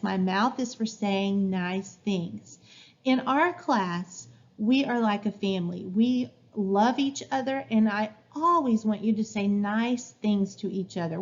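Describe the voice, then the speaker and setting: A woman teacher explaining classroom rules to young children in a slow, clear, sing-song way. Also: a little high, darkish tone. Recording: dull lo-fi recording.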